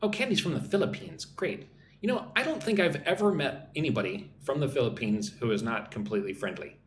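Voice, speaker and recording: A man teaching English on a live stream, chatting as he reads out viewer comments and explaining slang with slow example sentences. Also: mid-range voice, lively intonation. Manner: chatty, reads viewer comments aloud and greets them in their languages. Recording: roomy echo with faint background hum.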